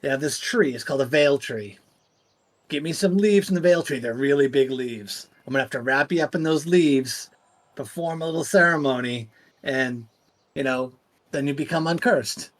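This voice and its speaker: A man's voice: medium pitch, moderate pace, natural voice. A man voicing a lecherous, scruffy-bearded male healer with a drawling, offhand manner. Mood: instructive.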